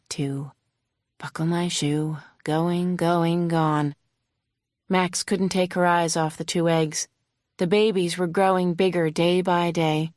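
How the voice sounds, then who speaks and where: A woman reading a novel aloud in the first person, emotive, slowing and hushing for tense moments. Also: fairly low pitch, no room sound, studio quality. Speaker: audiobook narrator.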